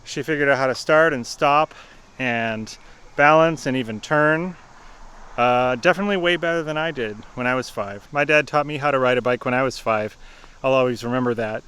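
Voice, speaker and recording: A man's voice: medium pitch, moderate pace, pushed and bright, clean tone. A man in his thirties, a father, telling a casual story in a family travel vlog. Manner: easygoing, reflective. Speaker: vlogger, father.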